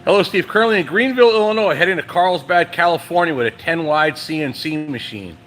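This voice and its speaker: A man's voice: fairly high pitch, expressive, quick pace, fairly bright tone. A man hosting a live stream from his truck repair shop, chatting casually and reading viewer comments aloud. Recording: echoey shop with machine hum.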